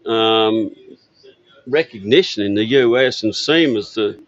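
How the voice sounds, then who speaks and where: A man's voice: fairly low pitch, measured pace, dry recording, highs cut off. An older man from Australia telling stories about his parts business in a rambling, easygoing way with lots of fillers. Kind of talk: casual interview storytelling. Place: outdoor expo stand.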